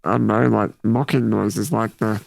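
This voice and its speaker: A man's voice: on the low side, steady tone, normal speed, creaky, darkish tone, dry recording. A young man, co-hosting a casual podcast chat about music with brief, laid-back remarks. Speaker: podcast co-host.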